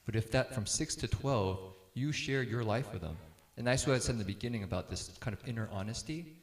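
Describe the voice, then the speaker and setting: A man's voice: medium pitch, a little fast, echoey room. A middle-aged man speaking casually to a group about parenting, telling stories and laughing easily as he acts out quotes.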